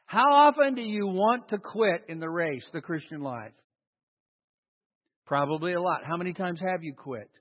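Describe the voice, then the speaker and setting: A man's voice: high voice, animated, moderate pace. A man preaching a sermon to a congregation, emphatic and calling for responses. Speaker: pastor. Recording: dull sound in a long-reverb hall.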